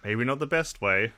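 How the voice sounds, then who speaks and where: A man's voice: mid-range voice, sharp tone. A man from Australia with an Australian accent, hosting a casual livestream and chatting bluntly and profanely with his viewers. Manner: blunt, profane, talks to chat. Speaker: livestream host.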